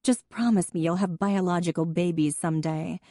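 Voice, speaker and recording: Female narrator as a wry, warm younger sister, low mellow voice. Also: moderate pace, no room sound, studio quality, close to an everyday voice.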